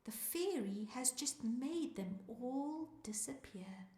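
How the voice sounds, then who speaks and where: Animated woman reading a rhyming story. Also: high voice, slow pace, echoey room. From South Africa. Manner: sing-song rhyming read-aloud, calls out to young listeners. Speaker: children's music teacher reading a story.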